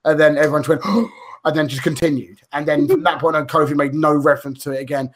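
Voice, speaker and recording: A man's voice: on the high side, flat delivery, fast, slight background noise. Emphatic man chatting wrestling. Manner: emphatic, repeats words for effect. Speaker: podcast co-host. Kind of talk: casual wrestling chat.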